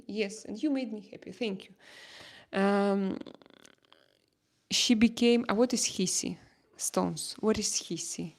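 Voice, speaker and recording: Woman, Russian accent, livestream host, slow, gravelly, many fillers. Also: mid-range voice, darkish tone. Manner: halting, many fillers and restarts. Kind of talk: casual livestream chat reading comments.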